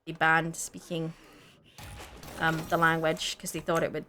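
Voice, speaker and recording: A woman from the Scottish Highlands with a Scottish accent, co-hosting a gaming video and chatting casually, rambling with lots of fillers and restarts. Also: completely flat delivery, unhurried, bright, forceful tone, slight background noise. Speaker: gaming channel co-host. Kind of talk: casual chat while gaming.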